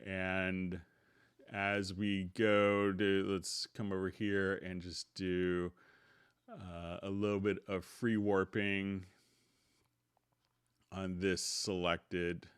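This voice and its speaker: Slow, deep-voiced male stream host. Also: clear, resonant tone, no echo, studio quality. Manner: relaxed, unhurried, greets viewers by name. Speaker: host of a live software tutorial stream. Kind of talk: casual live-stream chat and tutorial.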